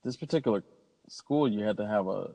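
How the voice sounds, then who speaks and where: A man's voice: lowish voice, brisk, gravelly, mellow. A man, a pilot telling stories in a casual interview in an upbeat, rambling way. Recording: long hall reverb.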